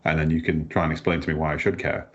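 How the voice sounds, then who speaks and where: A man with a bass voice and level tone talks fast while co-hosting a podcast. His casual chat is jokey and rambling, punctuated by frequent laughter, and the recording is slightly dull and lo-fi.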